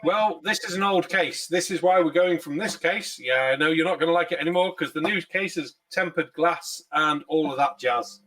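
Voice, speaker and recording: A man's voice: on the high side, normal speed, few pauses, pushed and bright, recorded from a distance. A man hosting a casual live stream, chatty and jokey, swearing freely, a few pints in. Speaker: streamer host.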